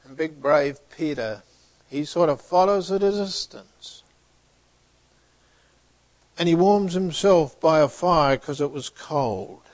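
A man delivering a sermon at an unhurried pace, his voice sitting a little high. He tells the story by acting out each speaker, building emphasis and then falling to a hushed near-whisper. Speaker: preacher.

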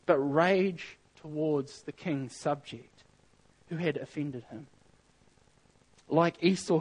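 Earnest male preacher, higher voice. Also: rough recording. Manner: earnest, emphatic, with reading of scripture and repeated phrases. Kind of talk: sermon.

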